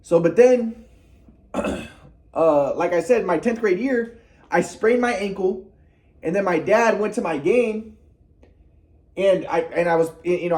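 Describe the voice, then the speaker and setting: A man's voice: sits high, darkish tone. A man telling a personal story in a casual monologue, rambling, repeating himself and cursing.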